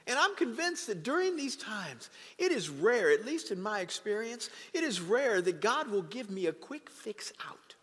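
High-voiced animated preacher in a reverberant hall. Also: male voice, normal speed. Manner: animated preaching, acting out quoted voices with rising intensity. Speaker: pastor. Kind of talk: sermon. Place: church sanctuary.

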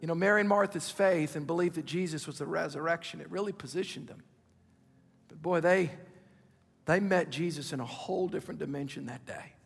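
A man in his fifties preaching a sermon with impassioned urgency, dropping at times to hushed, intimate asides. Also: fairly high pitch, fairly quick, vocal fry, slightly rough, in a large hall, soft background music. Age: 50s. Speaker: pastor.

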